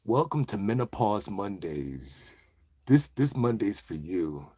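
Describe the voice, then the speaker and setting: A deep, velvety male seducer put on by a comedian, crooning low and slow. The voice drops far below his usual pitch and goes hushed and soft. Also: very animated, husky, exaggerated voice. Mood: seductive.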